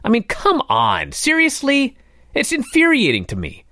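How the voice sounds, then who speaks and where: A man's voice: sits high, huge pitch swings, moderate pace, bright, forceful tone, no echo, studio quality. A man hosting a talk radio show, ranting in a fired-up, exasperated way.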